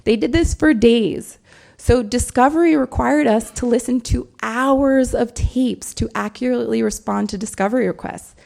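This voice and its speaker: Woman with a gravelly edge, giving a speech. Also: on the high side, normal speed, a little mellow. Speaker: newsroom lawyer giving a symposium talk. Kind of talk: prepared conference speech.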